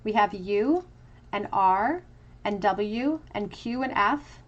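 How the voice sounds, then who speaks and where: A tarot reader doing a pick-a-card reading speaks slowly in a mid-range, animated voice on a lo-fi recording. She muses aloud over each card, talking through its meaning with soft, casual fillers.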